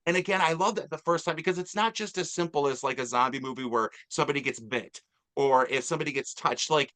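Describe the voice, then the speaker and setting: Male host, casual film-review talk; bright, slightly high voice, eager and rambling. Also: quick pace. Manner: enthusiastic, rambling with fillers. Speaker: podcast host. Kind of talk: casual movie review chat.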